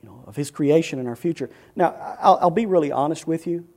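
A male pastor preaching a sermon, chanting repeated phrases with building intensity and dropping to a hush, speaking earnestly and directly to his listeners. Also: fairly high pitch, fast.

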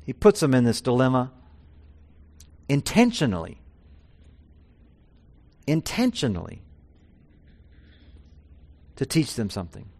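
A man preaching a sermon, his voice swelling loud and high on key points and dropping low and quiet on others. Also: lively intonation, fast, hardly any pauses. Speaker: pastor.

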